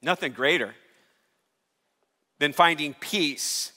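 Male pastor, sermon, high bright voice, long hall echo. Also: slow pace. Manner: emphatic, conversational preaching with rising calls. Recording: hall reverb.

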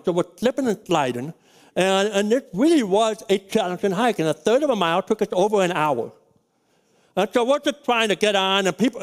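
A middle-aged male pastor telling a personal story in a sermon, folksy and rambling, with frequent restarts. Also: sits high.

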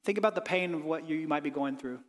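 A man with a notably high voice delivers an earnest sermon. He sinks to a soft hush on reflective lines and rises when he voices pleading prayers. The sound trails off in a long reverberant tail, as in a church sanctuary. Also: fast. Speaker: pastor.

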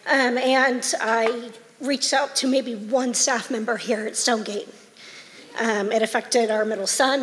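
A woman's voice: on the high side, in a large hall, slight background noise. A woman giving a heartfelt personal testimony to a church congregation, getting emotional as she talks.

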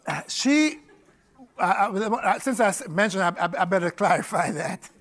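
A man's voice: high-pitched, lively intonation, unhurried, a bit bright. A middle-aged man preaching a personal testimony, telling his story with laughter, repeated words and sudden bursts of energy. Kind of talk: testimony sermon.

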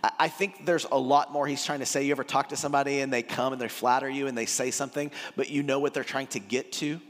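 A man giving a sermon as pastor, with a casual, joking, animated delivery. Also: medium pitch, quick pace. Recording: long hall reverb.

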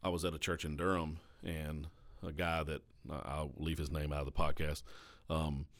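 Deep-voiced Southern American pastor, earnest. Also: male voice, level tone, moderate pace, a bit bright. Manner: earnest, confessional, keeps tagging questions. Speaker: pastor and podcast host. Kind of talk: casual podcast conversation.

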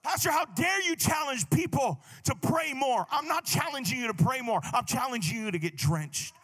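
Man in his thirties, pastor preaching a sermon with shouted emphasis; very high, bright delivery. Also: sing-song, moderate pace, slightly rough.

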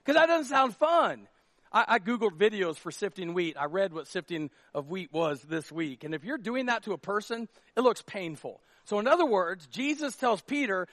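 A man's voice: very high voice, a little fast, no echo, studio quality. A man, a pastor, preaching a casual, humorous sermon and acting out little scenes. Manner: animated, jokey, acts out quotes.

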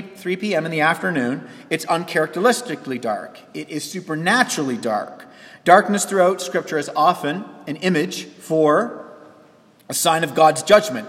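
Guy preaching a sermon, kinda high voice, big echoey church, goes loud then real quiet. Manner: earnest preaching, rising and dropping sharply for emphasis. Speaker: pastor.

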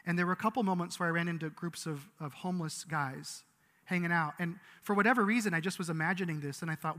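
A man's voice: on the high side, quick pace, a bit bright. A man giving a sermon as pastor, earnest and conversational, with frequent restarts. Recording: long reverb of a large hall.

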